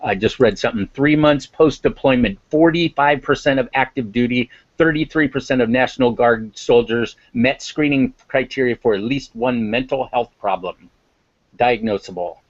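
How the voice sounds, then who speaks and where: A man's voice: medium pitch, moderate pace, dry recording, highs cut off. A man speaking as an interview guest on emotional intelligence, impassioned and emphatic, repeating words for stress. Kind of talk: interview talk.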